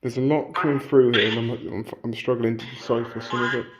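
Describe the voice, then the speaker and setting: A man investigating a haunted abbey, talking in a hushed, on-edge way as he calls out to spirits. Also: medium pitch, fairly even intonation, brisk. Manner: hushed and tense, calling out to spirits. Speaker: paranormal investigator. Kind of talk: ghost-hunting vlog narration. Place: old abbey room at night. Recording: muffled with loud background noise.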